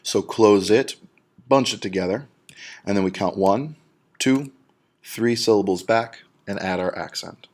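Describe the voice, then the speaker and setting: A deep-voiced man teaching Spanish talks his students through grammar calmly and patiently. He breaks every example into steps and lengthens the crucial words so they can follow.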